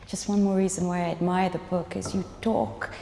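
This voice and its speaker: A woman's voice: on the low side, level tone, normal speed, creaky, warm tone, a little hiss or hum. A woman interviewing an author at a live onstage conversation, admiring and conversational. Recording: live talk in a roomy hall.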